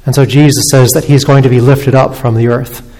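A pastor preaches a sermon in an earnest, steady voice at a middling pitch, moving briskly and sometimes restarting his words. A long reverb makes his voice ring out as if in a church hall.

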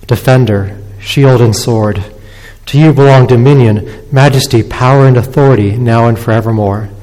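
Male pastor, mid-range voice, solemn and measured sermon delivery, long church-hall reverb. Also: mid-range voice, a little mellow. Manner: measured, solemn reading and prayer. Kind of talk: sermon with scripture reading and prayer. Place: church sanctuary.

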